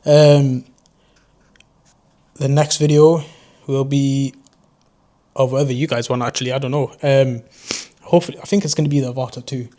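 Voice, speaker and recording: A man's voice: mid-range voice, level tone, normal speed, warm tone. A young man from the North East of England, with a Geordie accent that drifts toward southern English, chats unscripted to camera as a drone vlogger, rambling and poking fun at himself. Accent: Geordie mixed with southern English. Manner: rambling, loose, self-mocking. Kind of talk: casual unscripted chat to camera.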